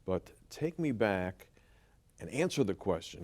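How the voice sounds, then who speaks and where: A man hosting a TV interview, with a fairly low voice. He introduces his guest and asks direct questions. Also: big pitch swings, unhurried, darkish tone. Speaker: TV show host.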